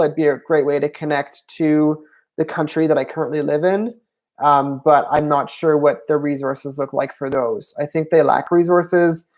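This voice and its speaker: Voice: mid-range voice, darkish tone. Hesitant livestream host thinking aloud. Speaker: language channel host. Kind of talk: livestream Q&A, answering viewer questions.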